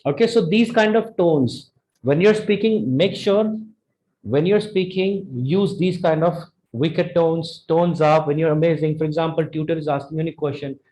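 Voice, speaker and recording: A young man with an Indian accent teaching a spoken English lesson, animated and jumping his pitch up and down to show intonation. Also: normal speed, low-quality recording. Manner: animated, demonstrates intonation with sudden pitch jumps. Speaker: English speaking tutor.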